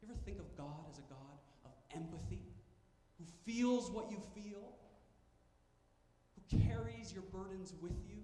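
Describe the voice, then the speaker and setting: High-voiced pastor preaching in an echoey hall. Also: male voice, darkish tone. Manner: storytelling, emphatic repetition. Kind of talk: sermon. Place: church sanctuary. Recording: echoey church hall with faint ambience.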